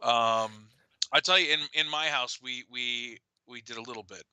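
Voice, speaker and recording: A middle-aged man co-hosting a casual chat show, animated and laughing as he tells a story. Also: medium pitch, moderate pace, clean tone, no echo, poor audio. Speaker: co-host.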